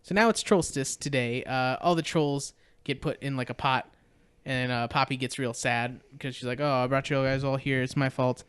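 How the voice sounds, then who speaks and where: A man co-hosting a podcast, casually retelling a movie plot in a rambling, animated way with fillers and quoted voices. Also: medium pitch, normal speed, clean tone, no room sound. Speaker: podcast co-host. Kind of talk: casual movie recap chat.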